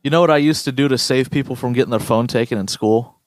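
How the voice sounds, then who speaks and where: A young man co-hosting a podcast in casual chat, swearing often and telling stories with animated impressions. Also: medium pitch, quick pace, no room sound, studio quality. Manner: profane, animated storyteller. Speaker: podcast co-host.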